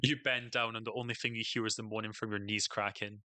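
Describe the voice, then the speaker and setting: A man narrates as game master for a tabletop game. His voice is bright and sits close and dry on the mic. He hesitates often, filling gaps with ums and likes as he searches for the scene. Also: lowish voice, flat delivery, no room sound. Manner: halting, full of fillers and restarts.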